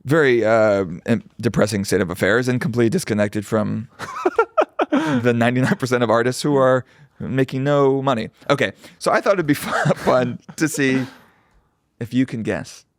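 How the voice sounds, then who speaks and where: Chatty podcast host, dry close mic. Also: male voice, medium pitch, normal speed, no echo. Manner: animated storyteller, swears, mimics people he overheard. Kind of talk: casual chat.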